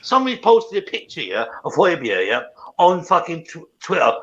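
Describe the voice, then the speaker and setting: A man's voice: a little high, very animated, moderate pace, fairly bright tone. A man co-hosting a football fan show, ranting angrily and swearing constantly. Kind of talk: casual post-match fan chat. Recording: dull lo-fi sound.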